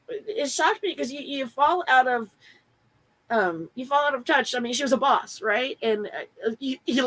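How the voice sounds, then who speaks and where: A woman speaks as a guest in a casual conversation, her voice pitched fairly high. She is blunt and candid, laughs often, and drops the odd mild swear word. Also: a bit bright, poor audio. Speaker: guest, former client.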